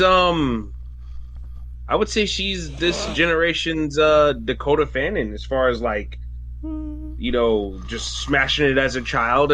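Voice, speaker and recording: A man's voice: medium pitch, a bit bright. A man co-hosting a casual movie review chat, easygoing and agreeable, sometimes stumbling over words.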